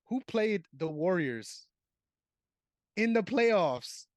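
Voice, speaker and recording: A man co-hosting a casual sports podcast, animated and laughing, swearing freely. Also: high voice, extremely slow, no room sound. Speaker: podcast co-host.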